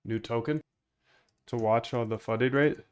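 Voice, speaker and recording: A man's voice: mid-range voice, moderate pace, smooth. A young man streaming himself as he codes a trading bot, rambling and muttering to himself in casual talk. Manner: rambling, mutters to himself, says dude a lot. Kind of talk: casual live-stream talk while coding.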